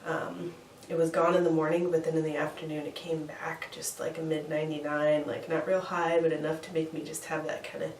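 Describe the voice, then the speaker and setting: A young woman with a head cold talks casually to her vlog audience, her nasal, congested voice sitting low. She rambles with fillers and small laughs. She is recorded from a distance in a roomy, echoing space with faint ambience behind her. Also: darkish tone, a little hiss or hum. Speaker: vlogger. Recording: echoey room, voice from far off, faint ambience.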